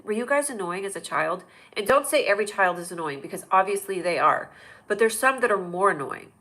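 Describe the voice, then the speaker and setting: Woman host, thirties, bright forceful voice, rambling excitable storyteller. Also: mid-range voice. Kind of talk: casual live-stream storytelling.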